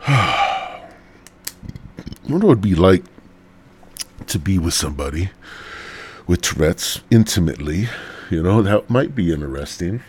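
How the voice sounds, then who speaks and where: A man's voice: low-pitched, sing-song, slow pace, long pauses, breathy edge. A man hosting a rambling solo podcast, profane and stoned, talking through a stuffy nose. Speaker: podcast host.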